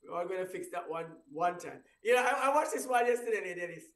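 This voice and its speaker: Man, high voice, breakfast radio host, rambling casual chat, stumbling restarts, echoey room, distant mic. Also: lively intonation, quick pace, a bit bright. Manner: rambling, stumbling restarts, laughing at own story. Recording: roomy echo, voice far from mic.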